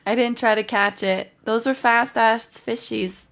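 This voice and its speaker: A young woman chatting loosely to her stream audience, her voice sitting a little high. She talks at an unhurried, drawn-out pace, looping through "like" and "um" as she goes. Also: fairly even intonation, creaky, a bit bright. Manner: rambling storytelling with many likes and ums. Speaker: livestreamer. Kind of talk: casual chat with stream viewers.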